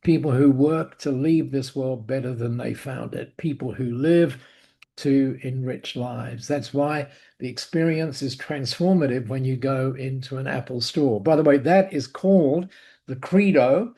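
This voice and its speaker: A man's voice: medium pitch, a little slow, warm tone. A man giving an online webinar talk, telling a story in a chatty way with asides and restarts. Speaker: webinar speaker. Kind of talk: online presentation. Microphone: video call.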